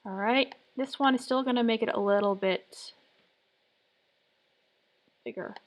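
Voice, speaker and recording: A woman's voice: on the high side, a little slow, long pauses. Woman thinking aloud on a live stream. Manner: muttering, trial-and-error self-talk.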